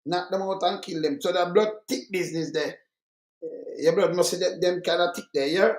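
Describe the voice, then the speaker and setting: A man's voice: sits high, fairly even intonation, moderate pace, roomy sound. An older man with a Jamaican accent, talking in blunt, emphatic casual chat. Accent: Jamaican Patois.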